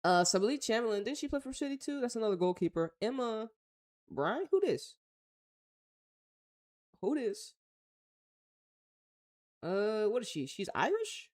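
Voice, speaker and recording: A woman's voice: fairly high pitch, big pitch swings, a little slow, long pauses, darkish tone. A woman with an American accent hosting a casual talk show, reading news aloud and reacting bluntly in slangy, offhand remarks. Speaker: host.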